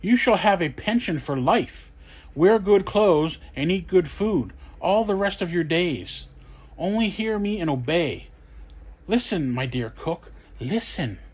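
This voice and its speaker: A man's voice: high-pitched, animated, measured pace, slightly rough, heavily acted. A panicking talking carp, as a man reads it. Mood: desperate. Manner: pleading, panicky. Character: rich man turned talking carp, desperate.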